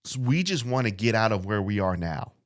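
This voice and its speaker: Man, low voice, casual sermon, earnest, repeats phrases, slow scripture reading. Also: expressive. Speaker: podcast preacher. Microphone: studio mic.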